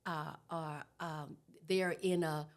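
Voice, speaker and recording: A woman in her sixties, a guest trauma educator, explaining in an animated conversational way and checking in with "okay?". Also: deep voice, slow. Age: 60s. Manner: animated, tags points with "okay?". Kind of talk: conversational teaching.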